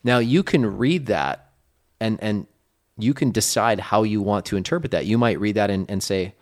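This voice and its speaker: Low-voiced man coaching with emphasis. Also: expressive, normal speed, a little mellow. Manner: emphatic, acts out sample dialogue. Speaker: podcast co-host, real estate coach. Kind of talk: casual coaching chat.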